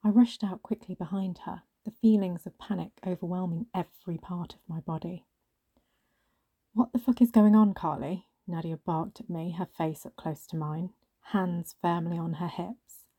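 A woman reads a first-person story in a hushed manner that often slips into a half-whisper. Her voice is husky with a gravelly fry, pitched somewhat low and very dark and mellow in tone. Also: steady tone, moderate pace, dry recording. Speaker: narrator.

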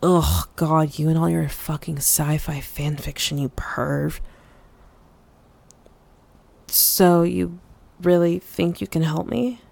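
A woman's voice: deep voice, takes it slowly, vocal fry, pauses often, darkish tone, exaggerated voice. A woman voicing a flustered, frustrated young woman in an audio role-play, stammering and swearing with many fillers.

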